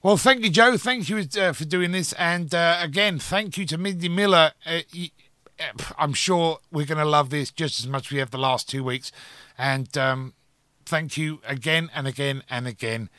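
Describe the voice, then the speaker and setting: A man's voice: on the high side, moderate pace, bright, forceful tone, no echo, clean studio sound. A male radio host chatting eagerly and stumbling over his words. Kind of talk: radio show chat.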